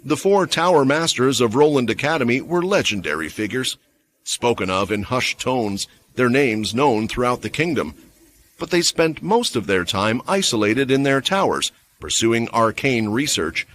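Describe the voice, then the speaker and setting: A man's voice: medium pitch, lively intonation, normal speed, a bit bright. A man giving scripted story narration for a fantasy comic recap.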